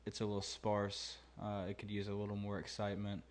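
A man's voice: fairly low pitch, monotone, brisk. A man hosting a mixing tutorial, talking casually and thinking aloud with many fillers. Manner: laid-back, thinking aloud with many ums and uhs. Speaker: mixing engineer and channel host.

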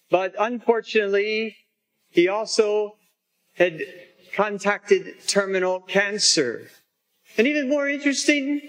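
Slow-speaking priest telling a story. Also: male voice, high-pitched, rough recording. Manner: gentle, unhurried storytelling. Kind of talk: homily storytelling.

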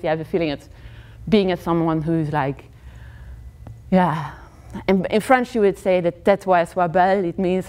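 A Belgian woman in her thirties with a Flemish accent and Dutch as her first language, giving a university talk as a criminology lecturer, telling her stories in a lively way and laughing between points. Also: fairly low pitch.

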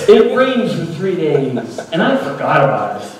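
A man in his thirties performs stand-up on a small stage, his storytelling full of lively pitch swings and chuckles. He takes his time. The recording is roomy and distant, with loud noise behind it. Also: measured pace. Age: 30s. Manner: animated storytelling, laughing at his own lines. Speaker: stand-up comedian. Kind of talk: stand-up comedy. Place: small comedy venue stage. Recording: echoey room from far off, loud noise.

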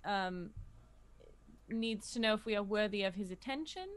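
A woman's voice: mid-range voice, animated, moderate pace, natural voice. A woman playing a flustered noble adventurer. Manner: hesitant, apologetic, stammering.

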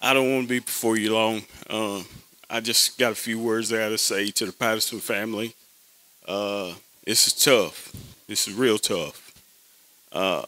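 A man speaking solemnly in a preacherly way, with pauses, to a grieving family at a memorial service. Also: fairly low pitch, sharp tone, no room sound.

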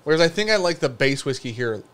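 A man's voice: fairly high pitch, sing-song, quick pace, fairly bright tone. A man co-hosting a live whiskey show, chatting casually in a loose, joking, rambling way. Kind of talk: casual live-stream chat.

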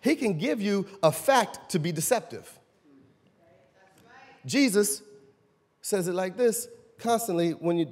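A man pastor preaching a sermon, swinging between loud shouted lines and low quiet asides. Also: slightly rough. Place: church sanctuary. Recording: long reverb in a large church hall.

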